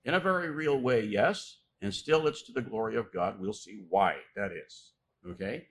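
A man preaching a sermon, reading scripture aloud and pressing key words with loud, emphatic stress. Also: lowish voice. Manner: reads scripture aloud with pauses.

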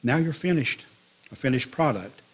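A man voicing a patient master potter who speaks quietly and gently. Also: mid-range voice, animated, normal speed, breathy edge. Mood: tender.

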